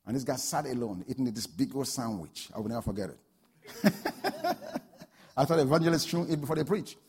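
A man preaching a sermon, telling a story and building to loud, fervent peaks. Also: mid-range voice, animated, fast, breathy edge. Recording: long hall reverb.

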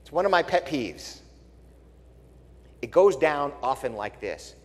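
A man's voice: a little high, measured pace, pauses often. A male pastor giving a sermon, telling stories bluntly and with wry asides. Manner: blunt, wry, animated storytelling. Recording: long reverb in a large hall.

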